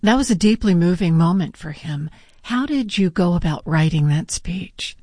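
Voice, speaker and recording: A woman interviewer asking composed, measured questions. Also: on the low side, expressive, mellow, dry recording, studio quality.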